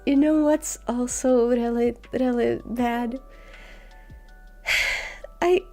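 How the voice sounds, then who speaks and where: A woman streamer chatting casually in a soft, slow, cozy way while sick with a scratchy, sore throat. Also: high-pitched. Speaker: vtuber streamer. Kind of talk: casual chat.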